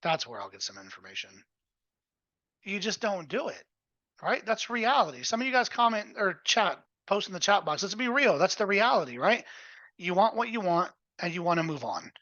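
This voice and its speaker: A man's voice: sits high, lively intonation, moderate pace, sharp tone, no echo. A man hosting a casual coaching webinar, blunt and profane with plenty of energy, heard over a video call. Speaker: webinar host. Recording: dull, lo-fi audio.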